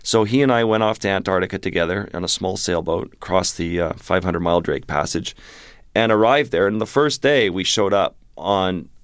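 A man's voice: sits low, normal speed, smooth, dry recording, studio quality. A man, a wildlife photographer, telling a vivid adventure story as a guest in an interview. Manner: vivid, animated storytelling with restarts.

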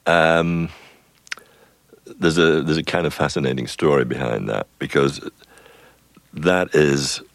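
A man's voice: extremely low pitch, takes it slowly, long pauses, dry recording. An older man, a film composer, telling rambling anecdotes in an interview with chuckles and self-interruptions. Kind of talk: relaxed anecdotal storytelling.

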